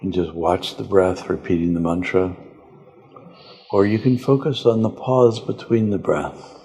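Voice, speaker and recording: A man, a spiritual teacher on a podcast, calmly and slowly guiding a breath meditation. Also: low-pitched. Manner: calm, slow, gentle guiding. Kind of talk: guided meditation instruction.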